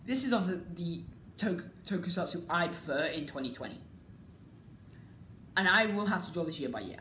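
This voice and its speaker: A woman's voice: on the low side, expressive, normal speed, long pauses. Exasperated ranting woman in an echoey room. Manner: exasperated, repetitive, swings between loud outbursts and muttering. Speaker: vlogger reviewing a TV series. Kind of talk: ranting casual commentary. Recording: echoey room with faint background noise.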